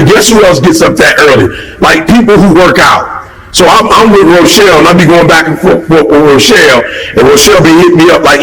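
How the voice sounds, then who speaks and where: Animated high-pitched motivational speaker, a man. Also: rough recording. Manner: animated, preachy, talks straight to the listeners. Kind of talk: motivational talk.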